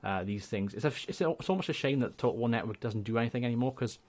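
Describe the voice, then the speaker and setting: A young man with a Welsh accent, a gaming YouTuber chatting casually and rambling through channel shout-outs. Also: mid-range voice, animated, racing. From Wales. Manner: chatty, rambling, laughs often.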